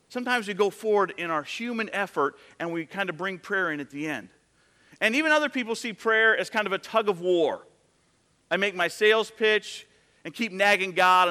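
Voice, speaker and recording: A pastor in his thirties preaches a sermon in a conversational style, telling stories and acting out the voices he quotes. His voice sits high, pushed and bright.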